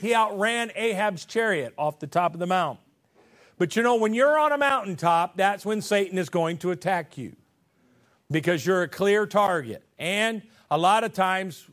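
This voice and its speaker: Guy preaching, kinda high voice, folksy and earnest, lots of restarts. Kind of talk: sermon.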